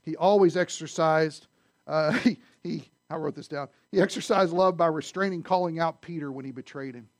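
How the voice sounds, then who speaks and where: Man, high voice, preaching, conversational questions, loud then hushed, dry close sound. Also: moderate pace, no echo. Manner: swings from loud emphasis to near-whispered asides. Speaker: pastor. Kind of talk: sermon.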